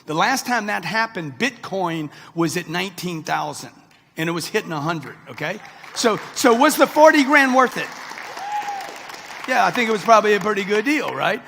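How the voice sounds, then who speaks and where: A man's voice: high voice, fairly bright tone. A man in his sixties giving a brash, punchy motivational talk straight at a live audience. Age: 60s. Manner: brash, punchy, addresses the crowd directly. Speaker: motivational speaker. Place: large event hall with an audience. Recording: long reverb of a big hall.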